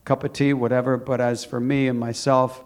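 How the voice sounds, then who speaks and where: A man's voice: medium pitch, flat delivery, moderate pace, a little mellow. A man preaching a sermon, urging and repeating himself, building to emphatic, indignant peaks. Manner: emphatic, repetitive exhortation with rising intensity.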